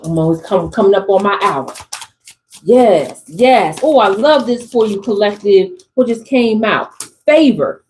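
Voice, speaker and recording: A woman doing a channeled tarot reading for her viewers, animated and exclamatory, in casual slangy speech. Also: on the high side, slight background noise, low-quality recording. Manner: animated, exclamatory, talks straight to the audience. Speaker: tarot reader.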